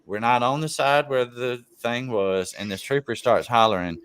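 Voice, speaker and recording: A man's voice: medium pitch, moderate pace, few pauses, fairly bright tone, clean tone, no room sound. A man hosting a casual live-stream chat, telling stories in a laid-back way and swearing freely. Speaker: live stream show host.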